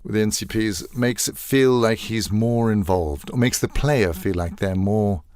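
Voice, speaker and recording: An older man, a voice actor guest telling animated stories in a casual interview and acting out quoted lines. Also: fairly low pitch, unhurried. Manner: animated storyteller, acts out quoted lines, laughs often.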